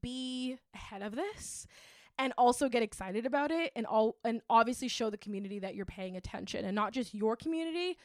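Woman host, chatty and animated, slightly high voice, dry close mic. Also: fast talker, hardly any pauses, no echo. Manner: chatty and animated, many fillers. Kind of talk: casual monologue.

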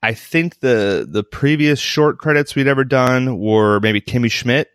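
A man's voice: mid-range voice, a little slow, no echo, studio quality. A man co-hosting a podcast in casual banter, rambling with restarts and laughing often. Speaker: podcast co-host. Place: home.

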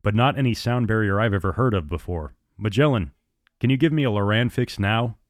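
A man voicing a gruff, commanding male airline captain who speaks in curt, clipped orders. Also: fairly low pitch, a little fast, no echo, studio quality, lightly acted. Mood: terse.

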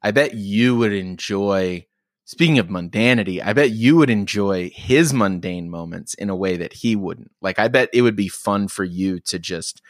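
Brief: low-voiced man, easygoing podcast host, dry close mic. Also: normal speed, no room sound. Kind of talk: casual conversation.

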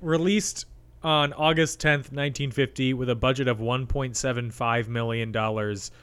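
A young man co-hosting a film podcast, reading out facts in a halting, relaxed way and chatting casually. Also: mid-range voice, clean tone. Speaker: podcast co-host. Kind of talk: casual chat.

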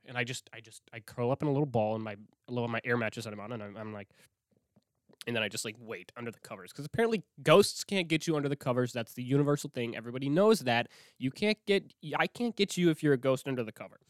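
A young man from Minnesota telling a spooky childhood story in a casual, animated way, swearing often and dropping to a whisper when he quotes himself. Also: medium pitch, rapid-fire, hardly any pauses, dry recording, clean studio sound. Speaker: host.

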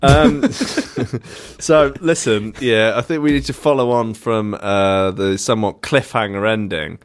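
A man co-hosting a comedy podcast, telling a silly story in a deadpan, rambling way. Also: on the low side, unhurried, smooth. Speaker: podcast co-host. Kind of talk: comic storytelling.

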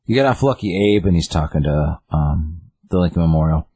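A man casually recapping a plot, rambling and peppering his talk with quoted lines. His voice sits very low and is somewhat husky. The sound is dry and close to the mic. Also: animated, a little fast, dark tone, no echo. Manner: rambling, with many fillers and "he's like" quotes.

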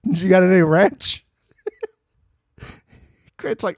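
A man co-hosting a casual recap podcast, animated and swearing often, acting out what people said. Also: high voice, fairly quick, dry recording, clean studio sound. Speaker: podcast co-host.

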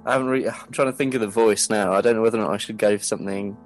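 A man's voice: fairly low pitch, fairly even intonation, very fast, faint music behind. A man playing in a tabletop game, bantering playfully and laughing. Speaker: player.

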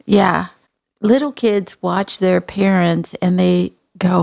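Gravelly woman host. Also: fairly low pitch, steady tone, slow, a little mellow. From Texas. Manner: earnest, folksy, compassionate. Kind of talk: casual conversation.

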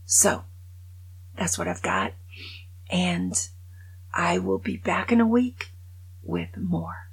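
A woman over sixty-five hosting her podcast, telling a long joke in a casual conversational way and dropping to a hushed voice for the sad parts. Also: fairly low pitch, huge pitch swings, slow pace, long pauses, husky. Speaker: podcast host.

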